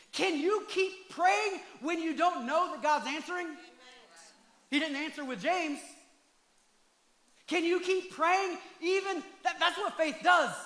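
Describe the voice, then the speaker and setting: High, bright-voiced passionate preacher. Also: male voice, echoey room. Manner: passionate, rising to shouts, with asides to the congregation. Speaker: pastor. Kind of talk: sermon.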